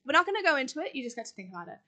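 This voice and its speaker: Young woman podcast co-host, fairly high bright voice, rambly and giggly. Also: very animated. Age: young adult. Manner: quick, giggly, rambling explanations. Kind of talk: casual chat.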